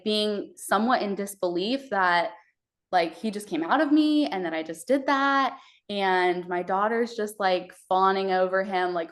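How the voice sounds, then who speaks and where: Young woman recounting a birth, hesitant. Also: on the low side. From Texas. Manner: hesitant, with many fillers. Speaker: podcast guest. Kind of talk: telling a birth story.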